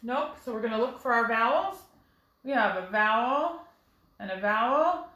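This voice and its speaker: A woman teaching a phonics lesson to first graders at a whiteboard, explaining slowly and clearly with patience. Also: a little high, lively intonation, pushed and bright, roomy sound, rough recording. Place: classroom with a whiteboard.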